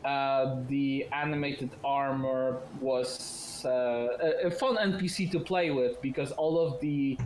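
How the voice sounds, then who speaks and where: A man's voice: medium pitch, fairly even intonation, slow, few pauses, darkish tone, slight background noise. Man running a tabletop game, echoey. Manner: explains at length with fillers and restarts. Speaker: game master. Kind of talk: narrating a tabletop game over voice chat.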